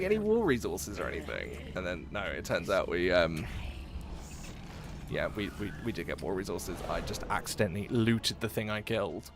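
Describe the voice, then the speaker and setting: A man's voice: deep voice, very animated, normal speed, noisy background. A man chatting casually while live-streaming a game, giggling often and trailing off into fillers.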